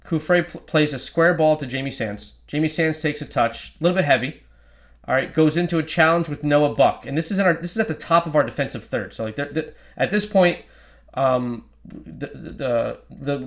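A man's voice: fairly high pitch, fairly bright tone. A man co-hosting a football podcast, breaking down match plays step by step in casual talk, with frequent restarts. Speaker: podcast co-host.

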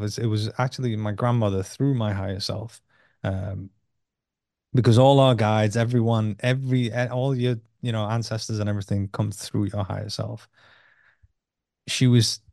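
A man talking casually as a podcast guest, telling a personal story and acting out his inner dialogue with sudden jumps in pitch and blunt swearing. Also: fairly even intonation, moderate pace, creaky, a little mellow, dry recording, clean studio sound.

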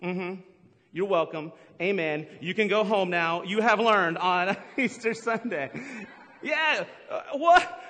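Playful high-voiced man preaching. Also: pushed and bright. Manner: playful, teasing the congregation with jokes and quick asides. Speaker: pastor. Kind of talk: humorous sermon. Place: large church hall with a live congregation. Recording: long hall reverb.

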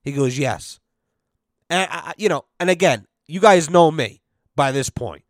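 A man's voice: a little high, normal speed, dry recording, studio quality. A man telling a rambling, profane work story on his podcast, full of fillers and quoted back-and-forth dialogue. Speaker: podcast host. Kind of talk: casual storytelling.

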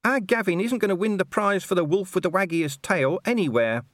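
Nervous whining little mutt, a male narrator doing the voice, high and anxious, for an audiobook. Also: brisk, fairly bright tone, dry recording, clean studio sound. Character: small scruffy talking male dog, nervous.

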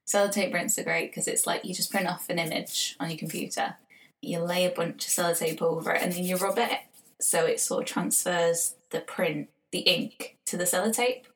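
A woman's voice: fairly low pitch, fairly even intonation, normal speed. Sweary, laughing English podcast woman. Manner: sweary, laughing, drops into whispers. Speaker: podcast co-host. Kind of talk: casual chat.

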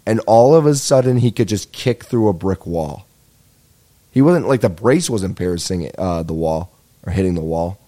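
A man's voice: sits low, lively intonation, moderate pace, dark tone. A young man hosting a comedy podcast, telling rambling, profane, self-deprecating stories in a casual monologue, a little tired. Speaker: podcast host.

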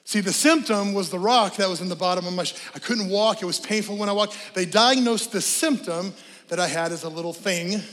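A middle-aged male pastor preaching with animated energy, swinging between shouted exhortation and joking asides. His voice is fairly high for a man. It carries through a large church with a long, trailing reverb. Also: brisk. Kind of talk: sermon. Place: church sanctuary.

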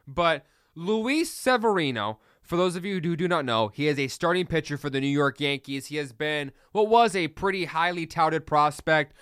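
A man's voice: on the high side, a bit bright, clean tone, no echo, clean studio sound. A young man hosting a casual solo sports podcast, opinionated and ranting with heated outbursts.

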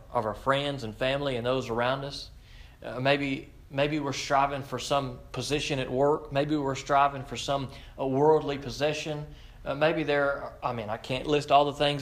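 Guy preaching, earnest, slightly high voice, reads scripture then explains it. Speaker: pastor. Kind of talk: sermon.

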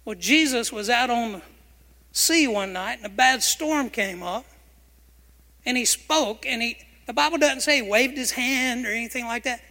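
Pastor, male, bright, forceful voice, emphatic sermon with call-and-response, long hall reverb. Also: extremely high pitch, normal speed. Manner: emphatic, asks the congregation questions and has them repeat phrases. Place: church sanctuary.

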